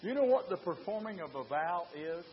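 Male preacher, high voice, fiery sermon delivery, muffled lo-fi church recording. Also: very animated, moderate pace. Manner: fervent, rising to shouts; rhetorical questions to the congregation.

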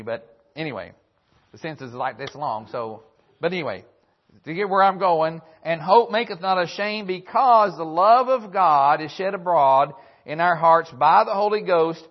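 A man's voice: sits high, lo-fi sound. A man preaching a sermon, reading old-fashioned scripture verses aloud and circling back to repeat key phrases. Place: church broadcast on radio.

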